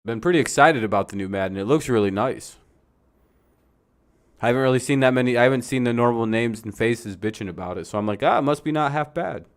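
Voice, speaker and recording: Smooth-voiced man hosting a casual stream. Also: mid-range voice, quick pace. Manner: laid-back, swears freely, calls scores and downs. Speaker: live stream host. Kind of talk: casual watch-along commentary.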